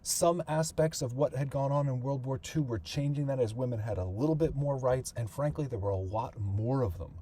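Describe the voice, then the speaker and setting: Mellow-voiced man narrating history. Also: mid-range voice, brisk, hardly any pauses. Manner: conversational, thinking aloud with fillers and restarts. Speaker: podcast host and author.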